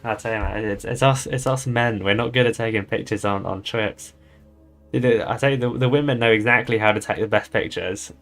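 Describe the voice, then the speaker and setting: A young man with a British accent talks on a live stream in a loose, offhand way, with frequent swearing and quick laughs. His voice sits fairly low, and soft music plays faintly behind him. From United Kingdom. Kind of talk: casual live-stream chat.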